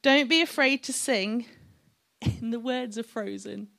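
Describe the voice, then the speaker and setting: A woman's voice: on the high side, takes it slowly, creaky, pushed and bright. Chatty woman preaching a sermon. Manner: chatty, encouraging, joking asides to the congregation.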